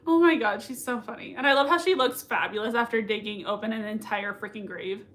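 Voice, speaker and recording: Woman, livestream reaction host, gushing, laughs a lot, bright voice, reads out chat comments. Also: a little high, brisk. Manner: gushing and excitable, laughing often. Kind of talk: live reaction chat, reading viewer comments. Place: at home.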